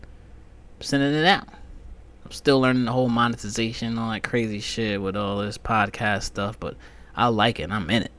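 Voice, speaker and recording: A man hosting a casual comedic podcast monologue, rambling profanely with frequent fillers and sudden loud outbursts. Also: fairly low pitch, steady tone, normal speed. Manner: frequent fillers like um and you know. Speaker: podcast host.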